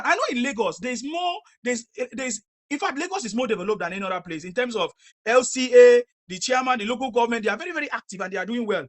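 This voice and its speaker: A woman, interviewing people in the street and lecturing them forcefully with a lot of repetition. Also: on the high side, lively intonation, fast.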